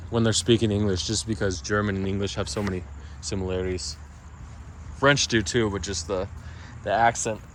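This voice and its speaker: A man's voice: on the low side, fairly bright tone, a little hiss or hum. A man vlogging about crypto and his day in a loose, digressive monologue full of restarts and asides. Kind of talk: casual rambling monologue.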